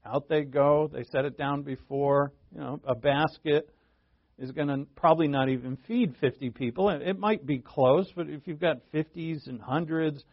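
A man's voice: a little high, normal speed, dry recording, muffled recording. A male preacher teaching a sermon verse by verse, in a conversational way that thinks aloud and asks rhetorical questions.

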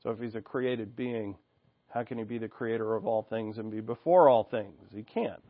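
A man's voice: on the low side, normal speed, dry recording, phone-quality sound. A man preaching an expository sermon, reading scripture aloud and explaining it in an earnest, teaching way, thinking aloud with restarts.

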